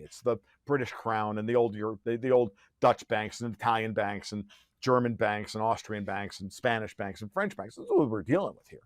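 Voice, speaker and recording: A man's voice: fairly low pitch, no room sound, studio quality. A man who is a podcast guest, talking in a heated conversational rant. He is profane and sarcastic, and he often restarts his sentences.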